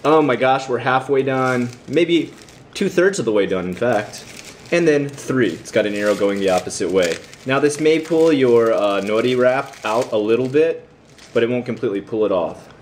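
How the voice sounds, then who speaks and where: A man's voice: mid-range voice, expressive, normal speed, a little hiss or hum. An American man giving a casual video lesson, chatty and teasing as he quizzes the viewer. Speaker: vlogger teaching about Japan.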